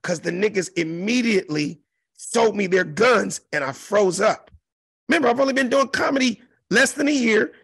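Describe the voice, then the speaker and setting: A middle-aged comedian from South Central Los Angeles tells an animated, profane story as an interview guest, emphatic and imitating crowd noises. His high, husky, creaky voice is fairly bright with lively intonation at a moderate pace, recorded with no echo.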